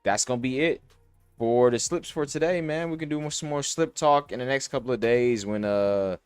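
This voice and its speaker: A man's voice: medium pitch, normal speed, clean tone, no echo. A young man hosting a podcast, casually thinking aloud about sports bets with slang and cursing. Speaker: podcast host. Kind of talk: casual sports betting talk. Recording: dry close mic, faint music.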